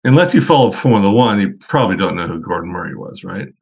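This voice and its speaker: A man with a fairly low voice talks as a podcast guest. He rambles through car-show anecdotes in a loose, conversational way. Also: lively intonation, fast talker, gravelly, breathy edge.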